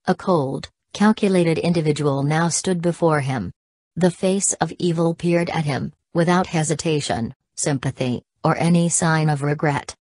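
A woman's voice: low voice, unhurried, darkish tone, dry recording. A woman narrating an audiobook, reading every punctuation mark aloud. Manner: reads punctuation marks aloud.

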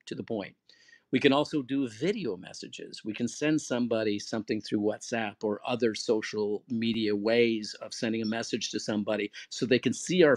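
This is a man hosting a conversational advice talk, and he speaks earnestly, like he is explaining things to the whole room. He acts out short example phrases with a different word stressed each time. His voice is of middle pitch and sits close to the mic with a dry sound. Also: no echo. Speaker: host and moderator.

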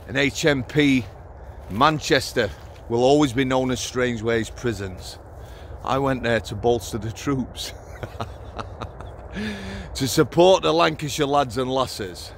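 A Yorkshire man from Sheffield in his fifties speaks to camera outdoors, taking his time over each blunt, punchy phrase. His voice sits in an ordinary middle pitch. A faint outdoor ambience runs underneath. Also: fairly bright tone, slight background noise. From Sheffield, Yorkshire, England. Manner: blunt, plain-spoken, punchy short phrases. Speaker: former prison officer and vlogger. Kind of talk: casual monologue to camera. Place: outdoors on a cold hilltop.

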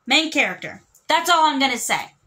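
A woman's voice: high voice, very animated, a little fast, pushed and bright. A young woman chatting casually as a book vlogger, rambling with lots of fillers and restarts. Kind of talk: casual chat.

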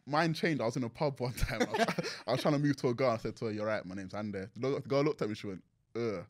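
A young man with a London accent, a podcast guest telling stories in an animated way and laughing often. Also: mid-range voice, very fast. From England. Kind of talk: casual interview chat.

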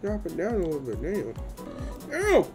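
A young man giving gameplay commentary, excitable, swearing and yelling at the game, on a headset. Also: high voice, normal speed. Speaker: gamer. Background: game music.

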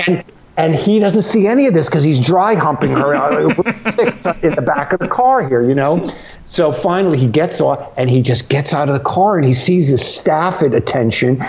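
Male comic guest telling stories at home, lively with put-on voices; dull remote-call sound. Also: a little high, normal speed. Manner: lively, acts out voices in anecdotes. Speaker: comedian guest. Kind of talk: animated storytelling.

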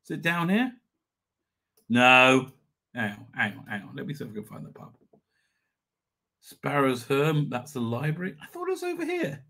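A man's voice: mid-range voice, animated, normal speed, pauses often, sharp tone. A middle-aged man hosting a live stream, rambling casually, swearing and chuckling as he reads comments. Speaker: livestream host.

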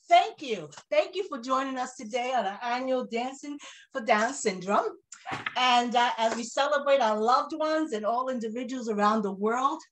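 Brief: high-pitched, out-of-breath woman speaking slowly on a video call. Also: slight background noise. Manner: breathless, laughing between phrases. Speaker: charity co-president. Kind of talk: speech at a fundraising event.

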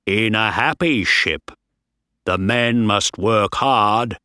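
A man reading a story aloud as a narrator, in a slow, measured way. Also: lowish voice, sharp tone, clean tone, dry recording, clean studio sound. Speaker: audiobook narrator. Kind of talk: scripted narration.

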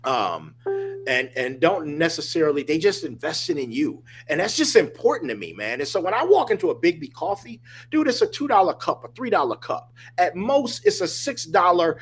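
A fairly high-voiced man tells a story over a video call. His delivery is animated and emphatic. He leans on casual asides like "dude" and keeps checking in with "right?". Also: normal speed, slightly rough. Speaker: guest.

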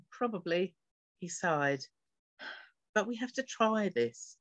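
An author reads a passage of her own science fiction aloud, shifting her voice a little for each character. The sound is bright and forward. The recording is dry and close, with no room echo. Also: mid-range voice, expressive, takes it slowly, pauses often. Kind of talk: reading a novel extract aloud.

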